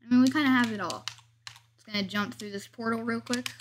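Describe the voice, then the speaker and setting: A woman hosts her own gameplay video, talking through each step in a casual, chatty way. She pokes fun at her own mistakes as she goes. Her voice sits a little high, and faint keyboard and mouse clicks run underneath. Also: brisk, background noise. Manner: chatty, narrates every move, jokes about herself.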